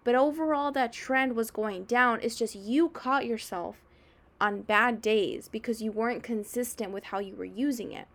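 A woman's voice: a little high, moderate pace, creaky, fairly bright tone. A young adult woman hosting a podcast, talking casually and energetically about fitness, often acting out a client's inner voice. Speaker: podcast host and fitness coach. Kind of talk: casual advice monologue.

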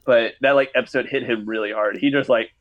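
A man's voice: mid-range voice, steady tone, fast, dull audio. A young man in casual podcast chat, rambling through anecdotes with many fillers. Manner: rambling storyteller, hesitant, laughs often.

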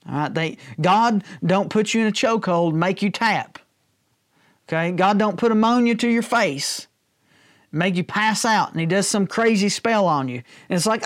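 A man's voice: sits high, fairly bright tone, no echo, studio quality. A male pastor giving a sermon in a loose, conversational way, cracking jokes and often checking in with his listeners. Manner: conversational, joking, checks in with "all right?".

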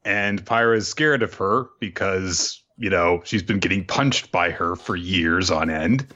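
A man's voice: sits low, pushed and bright, dull audio. A man casually recapping a comic chapter as a podcast host, loose and profane, with many fillers. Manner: loose and profane, fillers, jumps into quick character voices.

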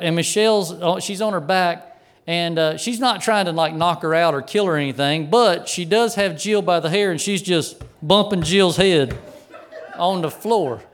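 Middle-aged pastor, male, slightly high voice, folksy animated storyteller from the pulpit. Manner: animated, folksy anecdote with chuckles. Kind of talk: storytelling sermon.

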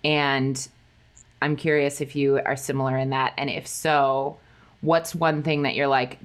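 A woman's voice: extremely low pitch, flat delivery, measured pace. A woman hosting a podcast, chatting casually and enthusiastically with her guest. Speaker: podcast host. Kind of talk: casual interview chat.

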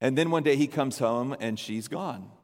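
A man's voice: medium pitch, normal speed, a little mellow, big-room sound. A man preaching a sermon, telling a story and acting out the people in it in quoted voices. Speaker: pastor.

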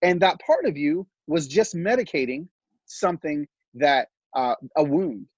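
Middle-aged man, husky and slightly high, animated heartfelt storyteller, dry muffled recording. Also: unhurried, no room sound. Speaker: podcast guest. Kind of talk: casual conversational storytelling.

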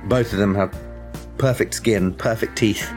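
A man's voice: lowish voice, measured pace, a little mellow, soft background music. Hesitant man narrating a game. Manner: hesitant, many ums and uhs. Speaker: game master.

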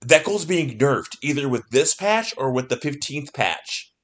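A man co-hosting a casual podcast who talks excitedly, swears freely and laughs often. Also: medium pitch, measured pace. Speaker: podcast co-host.

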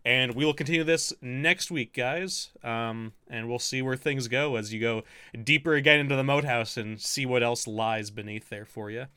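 Bright-voiced man running a tabletop game. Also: mid-range voice, normal speed, clean tone, dry recording, clean studio sound. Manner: rambling, lots of fillers and restarts. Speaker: game master.

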